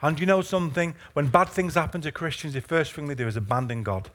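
A male pastor preaching a sermon with passion, moving from hushed, slow passages to fervent, urgent ones. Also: a little high.

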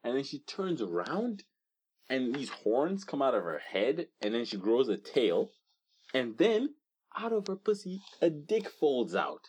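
A young man co-hosting a casual podcast chat, telling stories in an animated way and acting out voices. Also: mid-range voice, unhurried, husky. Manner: animated storyteller, acts out screams and voices. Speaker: podcast co-host.

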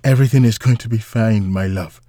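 Aloysia, a man voicing a soft-spoken protective young woman. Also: on the low side, fairly quick, dry recording, studio quality, close to an everyday voice. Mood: tender, soothing. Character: young woman, tender, protective older sister.

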